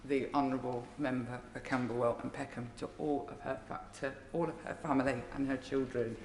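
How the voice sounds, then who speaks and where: A woman's voice: extremely low pitch, steady tone, a little fast, vocal fry, slight background noise. A woman with a Birmingham accent, a member of parliament giving a tribute speech that mixes fond jokes with laughter. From Birmingham, England. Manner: warm, joking, laughs between phrases. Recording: echoey chamber with long reverb.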